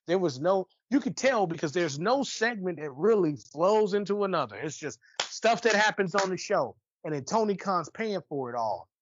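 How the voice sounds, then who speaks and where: In a casual podcast chat, a high-voiced male co-host rants animatedly at normal speed with few pauses, swearing and restarting as he rambles. The audio is lo-fi with slight background noise.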